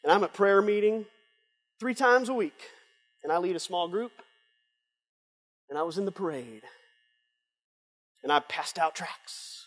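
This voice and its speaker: A man's voice: sits high, unhurried, pauses often. A man voicing a boastful young churchgoer bragging about his deeds during a sermon. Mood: smug. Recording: long hall reverb from a live event.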